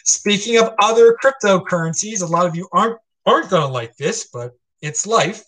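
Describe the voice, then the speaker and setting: Husky-voiced man ranting casually. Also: high-pitched, animated, normal speed, a bit bright. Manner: rambling, emphatic, full of repeats and "okay?". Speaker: crypto show host. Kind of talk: casual opinion rant.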